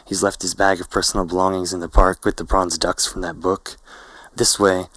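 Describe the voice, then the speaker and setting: A man narrating a novel in first person, in a slow, hazy, poetic way. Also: sits low, little pitch movement, fairly bright tone, no room sound, rough recording.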